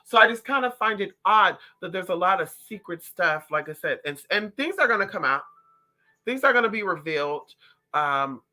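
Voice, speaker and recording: A vlogger talks straight to the audience about psychic visions, full of sass and constantly calling listeners honey. The tone is very sharp and bright, the pitch sits in the middle, and the delivery jumps from low asides to excited highs. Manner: sassy, calls viewers honey and girl; animated, swings up and down in pitch. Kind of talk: casual chat to viewers.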